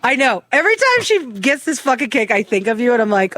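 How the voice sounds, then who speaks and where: Brief: middle-aged woman co-host, higher pitch, lively storyteller, dry close studio sound. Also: quick pace, no room sound. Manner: animated storytelling, frequent swearing. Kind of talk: casual chat.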